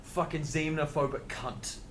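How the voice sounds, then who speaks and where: A man's voice: fairly high pitch, fairly even intonation, a little slow, fairly bright tone, a little hiss or hum. A man, co-hosting a podcast in casual, crude, teasing chat. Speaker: podcast co-host.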